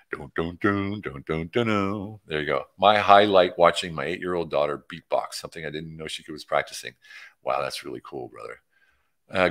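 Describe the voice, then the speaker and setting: Deep, bright-toned, excitable middle-aged man. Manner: excitable, rambling, hypes his program, jumps between topics. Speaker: coach hosting a livestream. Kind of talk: casual livestream chat, reading out viewer comments.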